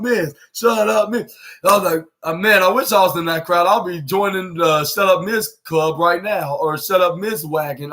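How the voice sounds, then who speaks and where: A young man with a high, sharp-toned voice hosts a podcast, recapping a wrestling show. He rambles, restarts often, and acts out the quoted lines.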